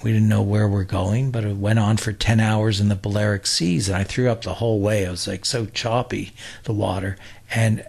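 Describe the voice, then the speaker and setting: Husky older man spinning long stories. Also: fairly low pitch, fairly even intonation, normal speed, darkish tone. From New York. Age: 60s. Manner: chatty, loose, full of "uh" and restarts. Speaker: interview guest. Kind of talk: rambling anecdotal storytelling.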